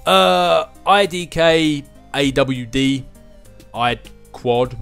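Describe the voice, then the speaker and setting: A man's voice: fairly high pitch, drawn-out words, vocal fry, fairly bright tone, smooth, soft background music. Easygoing man chatting with viewers. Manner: chatty and easygoing, chuckling between thoughts. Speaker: gaming channel host. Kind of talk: casual viewer Q&A chat.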